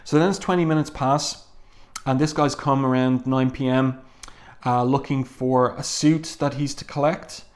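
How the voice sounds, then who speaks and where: A man's voice: medium pitch, steady tone, moderate pace. A man giving a casual, enthusiastic comic book review, talking conversationally with frequent ums.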